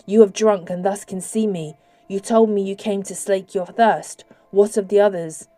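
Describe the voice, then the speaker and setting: Woman voicing a gravelly slimy lake creature. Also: steady tone, moderate pace, mellow, no room sound, close to an everyday voice. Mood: cold, dismissive. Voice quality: deep gravelly voice. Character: small slimy male lake creature, cold and callous. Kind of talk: audiobook character voice.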